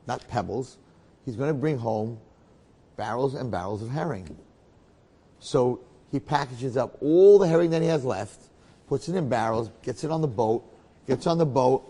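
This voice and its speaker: A man, a rabbi, telling a story in a talk in an animated way, often checking in with his listeners. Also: medium pitch, breathy edge, in a large hall.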